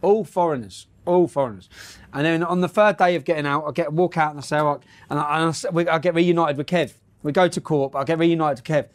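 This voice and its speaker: A man's voice: a little high, fairly even intonation, quick pace, hardly any pauses. A middle-aged man telling a story and reading news aloud bluntly, with frequent laughter and swearing.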